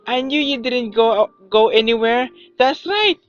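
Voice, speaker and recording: A man's voice: extremely high pitch, unhurried, a bit bright, highs cut off, faint music behind, pitched above the performer's own voice. A man voicing a fragile young woman who clings to a baby in a dreamlike daze. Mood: doting.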